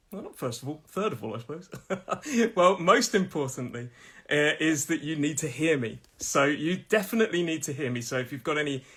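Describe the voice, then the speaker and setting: A man's voice: a little high, a bit bright, breathy edge. A man from Nottingham with a Midlands accent, hosting a live-streamed English pronunciation lesson from his room in a chatty way, often laughing and repeating himself. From Nottingham, England.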